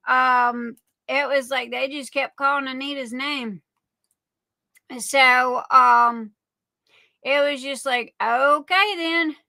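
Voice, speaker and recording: A woman's voice: high-pitched, gravelly, bright, forceful tone, no echo, rough recording. A woman hosting a casual livestream, chatting and greeting viewers by name, often calling them darling. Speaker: livestream host.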